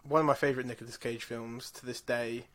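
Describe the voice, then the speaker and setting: A man's voice: mid-range voice, fairly even intonation, quick pace, fairly bright tone. Blunt man, casual podcast chat. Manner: blunt, laughs at his own stories. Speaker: podcast co-host.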